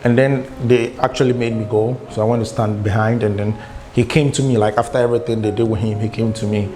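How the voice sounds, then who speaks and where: A young man from Ghana, a travel vlogger, telling an airport story in a casual, animated way and acting out the dialogue. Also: lowish voice, fast. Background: guitar music.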